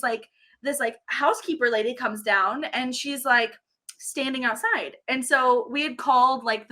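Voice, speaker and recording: A young woman guest in her twenties on a video call, telling animated stories and acting out the voices of people in them. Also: a little high. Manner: acts out quoted voices, laughs often. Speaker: reality show contestant guest. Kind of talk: animated storytelling in an interview.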